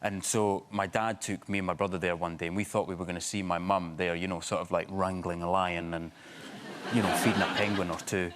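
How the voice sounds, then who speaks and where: A Scottish actor telling anecdotes on a chat show sofa, chatty, with plenty of false starts. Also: male voice, low voice, steady tone, a little fast, fairly bright tone. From Scotland. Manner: chatty storyteller, many restarts. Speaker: actor guest.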